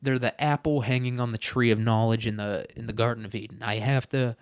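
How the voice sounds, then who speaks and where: A man's voice: medium pitch, steady tone, brisk, smooth, no echo, clean studio sound. A man hosting a podcast alone, telling rambling stories in casual, profane talk and laughing often. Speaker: podcast host. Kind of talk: casual solo podcast monologue.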